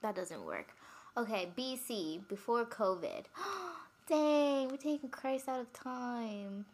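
Higher-voiced giggly woman podcaster. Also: very animated, slow, a little mellow. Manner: giggly, rambling storyteller. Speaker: podcast co-host. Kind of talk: casual chat.

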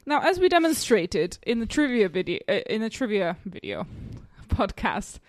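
A woman's voice: medium pitch, sing-song, moderate pace, no echo, clean studio sound. A woman co-hosting a podcast in casual chat, chatty and self-deprecating, laughing often. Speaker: podcast co-host.

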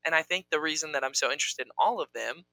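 Young guy cohosting, playful rambly chat, bright voice, dry close sound. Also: a little high, quick pace, no echo, low-quality recording. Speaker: co-host. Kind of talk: casual chat.

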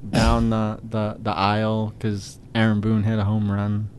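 A man co-hosting a casual sports podcast, talking in halting starts and restarts. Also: fairly low pitch, monotone, a little mellow, a little hiss or hum. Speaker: podcast co-host.

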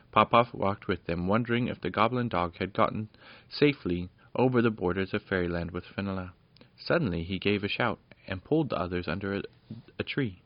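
Low-voiced man reading a storybook. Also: dry recording. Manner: plain, steady reading with small slips. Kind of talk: reading a children's storybook aloud. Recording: dull lo-fi dry recording.

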